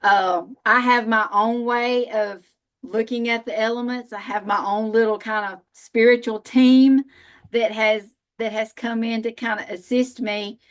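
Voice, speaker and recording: A woman's voice: on the high side, fairly even intonation, unhurried. A woman from Northern Alabama with a Southern accent, speaking on a live panel in a folksy, self-deprecating way and laughing often. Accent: Southern American. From Northern Alabama, USA. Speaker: panel speaker, spiritual practitioner.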